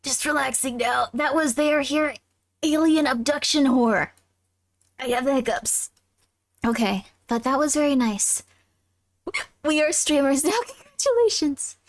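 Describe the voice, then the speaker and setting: A woman's voice: high voice, unhurried, long pauses, dry recording. A young woman livestreaming a game, chatting and giggling with her viewers. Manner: giggly, chatty, talks to chat. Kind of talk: casual live gameplay chat.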